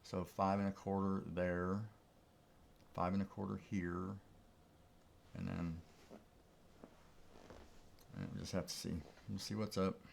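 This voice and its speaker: A man's voice: deep voice, flat delivery, takes it slowly, vocal fry, long pauses, slight background noise. A man giving casual live-stream commentary on his trades, thinking aloud in an easygoing way. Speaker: trading streamer.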